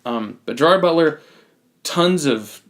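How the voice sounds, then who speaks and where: A man's voice: on the high side, expressive, unhurried. Blunt, opinionated man reviewing a movie. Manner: opinionated, blunt, frequent restarts. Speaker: podcast host. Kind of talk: casual movie review chat.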